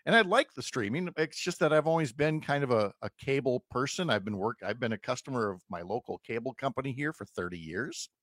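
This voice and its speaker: Male radio host, casual, chatty, self-deprecating, dead-dry studio mic, mid pitch. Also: lively intonation, a little fast, hardly any pauses, a bit bright, dry recording. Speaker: radio talk show host. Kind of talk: casual morning radio chat.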